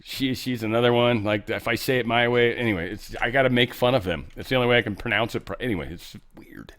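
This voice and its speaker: A man's voice: medium pitch, quick pace, a bit bright. A man hosting a casual political commentary show, rambling with frequent fillers and restarts. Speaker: show host.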